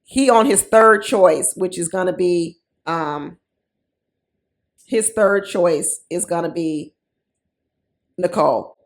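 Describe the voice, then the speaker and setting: A woman's voice: lowish voice, slow, long pauses. A woman giving casual, sassy commentary on a reality show, mocking the people in it with quoted voices.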